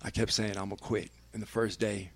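A man with a low, gravelly voice tells a personal story in a candid, confessional way. He speaks as a radio personality would, emphatic and blunt, swearing freely. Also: little pitch movement, fairly quick, dry recording.

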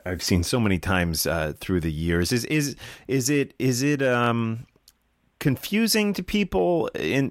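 A man's voice: low voice, dry recording, studio quality. A man hosting a radio interview, asking questions in a casual, conversational way.

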